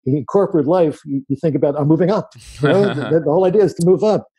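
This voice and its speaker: Dark-voiced man telling anecdotes. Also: fairly high pitch, quick pace, slightly rough, no room sound. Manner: anecdotal, animated when quoting people. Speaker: author and interview guest. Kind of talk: storytelling interview answers.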